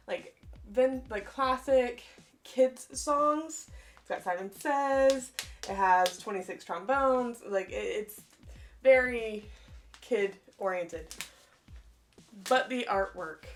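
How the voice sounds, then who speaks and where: Chatty woman showing her pickups. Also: on the high side. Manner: chatty, enthusiastic, says "like" often. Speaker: co-host. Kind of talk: casual collection show-and-tell.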